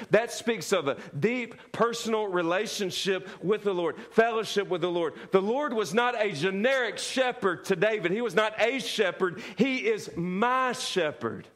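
A man's voice: high voice, fairly bright tone. A male pastor preaching a sermon, repeating key lines with emphasis and calling for the congregation to answer aloud. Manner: repetitive emphatic preaching with call-and-response.

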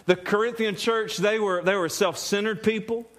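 High-voiced pastor, animated and repetitive. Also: male voice, moderate pace. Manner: animated, repeats words, laughs as he talks. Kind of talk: sermon.

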